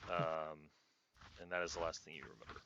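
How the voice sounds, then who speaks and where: A man's voice: a bass voice, steady tone, normal speed, pushed and bright, smooth, muffled recording. A man narrating a tabletop role-playing game as game master on a live stream, rambling and often breaking off mid-sentence. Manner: rambling, self-interrupting narration.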